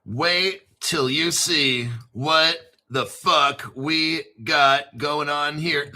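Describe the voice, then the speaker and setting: A man hosting his own crypto show, talking in a hyped, profane rush and clearing his throat often. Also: on the high side, animated, takes it slowly, bright, forceful tone. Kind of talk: excitable solo commentary stream.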